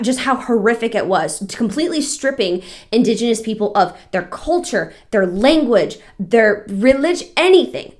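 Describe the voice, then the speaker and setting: A young adult woman hosts a casual reaction vlog in a mid-pitched voice. She reads viewer stories aloud and talks earnestly and emotionally, swearing freely and filling gaps with 'um' and 'like'. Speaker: host.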